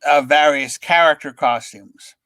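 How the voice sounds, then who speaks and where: A man's voice: a little high, a little slow, sharp tone, dry recording. An older man, a comics writer, telling a story as a guest and acting out the voices in the quotes. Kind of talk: animated anecdote telling.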